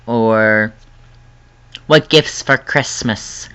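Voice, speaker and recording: A man's voice: mid-range voice, unhurried, pushed and bright. A young man rambling in an emotional, earnest personal vlog, laughing often. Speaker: vlogger.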